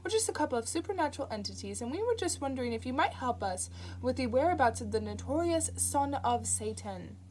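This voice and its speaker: A woman's voice: high voice, sing-song, a little mellow, a little hiss or hum, pitched above the performer's own voice. A woman voicing a sardonic, snappish male demon in an audiobook reading. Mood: mocking. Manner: quick, irritable and sly.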